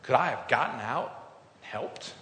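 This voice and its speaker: A man's voice: expressive, unhurried. Earnest male pastor preaching in an echoey hall. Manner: earnest storytelling, swings from loud emphasis to quiet reflection. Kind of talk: sermon. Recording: echoey hall with faint rumble.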